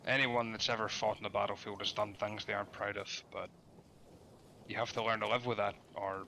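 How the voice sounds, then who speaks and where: A man's voice: on the low side, flat delivery, brisk, vocal fry, sharp tone, slight background noise, low-quality recording. A man playing a tabletop game over voice chat, speaking earnestly and thoughtfully. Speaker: player. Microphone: computer mic on voice chat.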